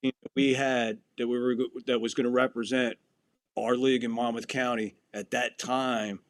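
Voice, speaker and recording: With no room sound, a medium-pitched male podcast host talks at a moderate pace. It's casual storytelling, profane and animated, with quotes acted out.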